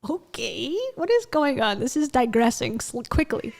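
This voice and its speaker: A woman's voice: a little high, lively intonation, normal speed, gravelly. A woman giving blunt, sarcastic reaction commentary on a clip, swearing and laughing as she talks.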